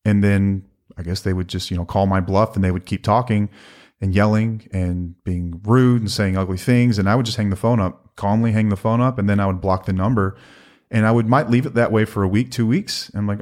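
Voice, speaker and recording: Middle-aged guy cohosting a chill podcast, lowish voice, earnest and calm but kinda jokey. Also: fairly quick. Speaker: podcast co-host. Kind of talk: casual conversational podcast.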